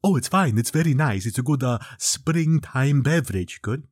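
A man's voice: medium pitch, lively intonation, normal speed, slightly rough, no echo. A man voicing an ancient male vampire count who speaks with dry, unbothered understatement. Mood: polite.

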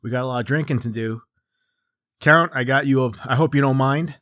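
A man's voice: mid-range voice, fairly quick, a bit bright, no room sound, clean studio sound. Rambling, profane man in his forties. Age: 40s. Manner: rambling, profane, self-mocking, with lots of restarts and riffs. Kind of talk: comedic casual chat.

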